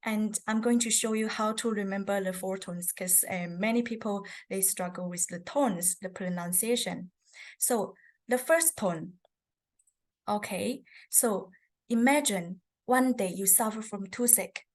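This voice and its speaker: A woman's voice: mid-range voice, measured pace. A woman, teaching a beginners' lesson on characters and tones, patiently explaining step by step. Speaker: language teacher. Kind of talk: presenting a Chinese lesson.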